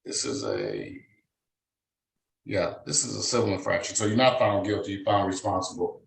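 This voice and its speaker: A man's voice: low voice, lively intonation, moderate pace, vocal fry, slight background noise, low-quality recording. A man presiding as a judge, formally reading out charges, fines and rights in a court hearing. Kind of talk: court proceedings over a video call.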